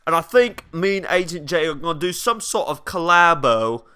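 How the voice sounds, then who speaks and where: A man's voice: fairly high pitch, very animated, normal speed, sharp tone. A young man giving casual, brash and crude game commentary, ranting and mocking other players. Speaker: gameplay commentator.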